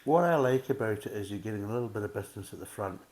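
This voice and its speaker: A man's voice: fairly low pitch, animated, rapid-fire, darkish tone. A man giving a casual, methodical beer tasting review, full of "kind of" fillers.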